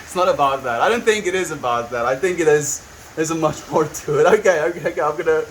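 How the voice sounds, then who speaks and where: A man's voice: a little high, fast, fairly bright tone, a little hiss or hum, rough recording. A young man livestreaming from home, chatting casually and rambling, laughing often and restarting sentences as he vents and reads chat. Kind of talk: casual chat, venting and reading chat. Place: at home on a farm.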